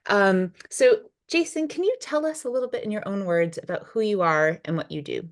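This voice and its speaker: A woman's voice: medium pitch, lively intonation, normal speed. A woman hosting a webinar interview, enthusiastic and friendly, with lots of affirming hums. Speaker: interviewer, film sector specialist. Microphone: video call.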